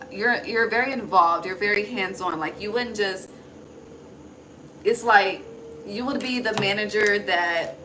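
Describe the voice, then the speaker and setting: A chatty woman talks through an intuitive card reading at an everyday pitch, thinking aloud as she goes. She swears freely and calls her listener honey. A steady hiss of background noise sits clearly under her voice. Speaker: intuitive tarot reader. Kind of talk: casual spoken card reading.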